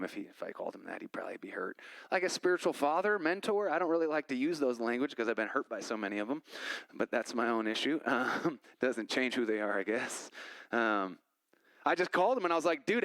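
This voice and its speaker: A man's voice: mid-range voice, fairly quick, creaky, no echo, low-quality recording. A male pastor giving a conversational sermon in church, telling stories and acting out quoted conversations. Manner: conversational, animated storytelling with quoted voices.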